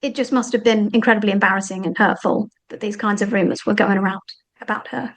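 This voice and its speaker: A woman talking as the guest author in an interview, animated and thinking aloud with frequent fillers. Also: mid-range voice, fast talker, poor audio. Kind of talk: conversational interview.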